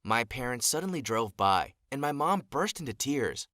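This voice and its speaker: A young man narrating an animated story in an earnest, dramatic storytelling manner, recalling his childhood. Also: medium pitch, normal speed, no echo, clean studio sound.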